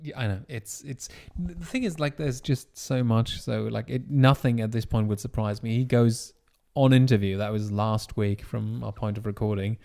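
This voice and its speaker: Dry-witted young podcast co-host. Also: male voice, medium pitch, steady tone, normal speed, vocal fry, hardly any pauses, dark tone. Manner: dry, wisecracking, laid-back. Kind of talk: casual comedic chat.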